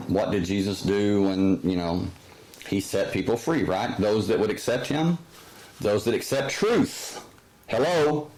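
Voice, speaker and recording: A man hosting a casual religious commentary, rambling with many fillers and sudden high-pitched exclamations. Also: a little mellow, low-quality recording. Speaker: host.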